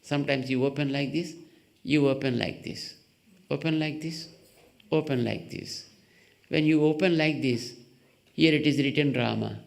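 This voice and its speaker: A man teaching as a spiritual leader in a temple hall, explaining ideas through simple examples and rhetorical questions, and acting out quoted voices in a sudden high pitch. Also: fairly even intonation, normal speed, vocal fry, long pauses. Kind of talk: slow spiritual discourse.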